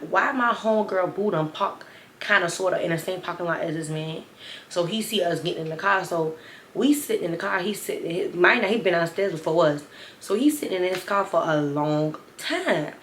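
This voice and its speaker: A woman's voice: on the low side, slight background noise. A woman vlogger chatting through a story time, rambling and talking straight to her viewers. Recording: roomy, echoey room.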